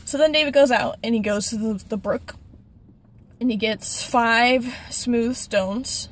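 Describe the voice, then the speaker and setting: A woman hosting a casual Bible study video, retelling the story in a chatty, animated way. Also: a little high. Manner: chatty, animated, with quick restarts. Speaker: channel host, Bible study.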